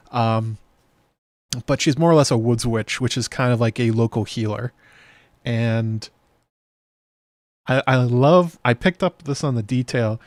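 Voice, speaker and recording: A man hosting a casual show breakdown, talking it through out loud with fillers and restarts as he reads comments from a live chat. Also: mid-range voice, no echo. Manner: chatty, thinking aloud with fillers and restarts. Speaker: show host.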